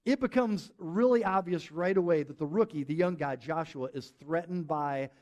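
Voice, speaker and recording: A man preaching a sermon to a live church audience, telling a story in an animated way and acting out quotes. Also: fairly high pitch, moderate pace. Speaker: pastor.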